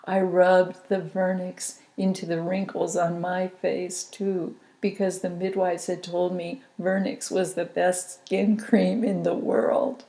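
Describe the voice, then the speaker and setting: Slow, gravelly-voiced woman narrator. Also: on the low side, flat delivery, mellow. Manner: slow, intimate, reflective reading. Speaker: author reading her own book. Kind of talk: audiobook memoir narration.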